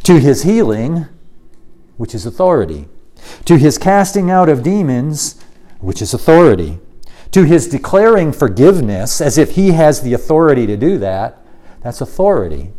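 A man's voice: a little high, very animated, normal speed, mellow. A man preaching an expository sermon, emphatic and given to repeating key phrases.

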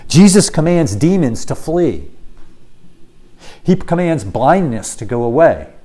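Man preaching with lively emphasis. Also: fairly high pitch, takes it slowly. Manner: emphatic, repeats key phrases, quotes scripture in a softer voice. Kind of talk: expository sermon.

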